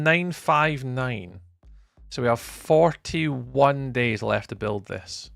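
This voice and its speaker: A man's voice: medium pitch, takes it slowly, vocal fry, fairly bright tone, no echo, studio quality. A man streaming a game, chatting casually with his viewers while he plays. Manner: chatty, talks to chat while playing. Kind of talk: casual live-stream chat.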